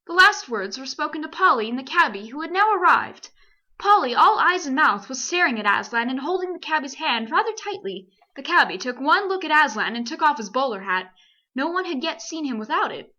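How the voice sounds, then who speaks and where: A woman from Canada reading a children's novel aloud in a lively, expressive way. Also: high-pitched, fairly quick, dull audio. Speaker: amateur audiobook reader. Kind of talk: storybook narration.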